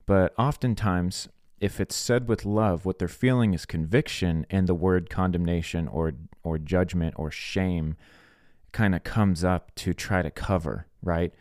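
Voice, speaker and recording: A man's voice: deep voice, fairly even intonation, measured pace, a little mellow, no room sound, studio quality. A man hosting a faith podcast, preaching earnestly in plain words and acting out conversations. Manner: earnest, plain-spoken, acts out quoted dialogue. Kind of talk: sermon-style podcast teaching.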